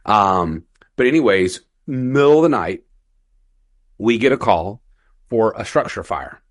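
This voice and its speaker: Animated firefighter man telling a story. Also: lowish voice, measured pace, dry recording, studio quality. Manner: animated, quoting others in raised voices. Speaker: firefighter podcast host. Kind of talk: casual storytelling.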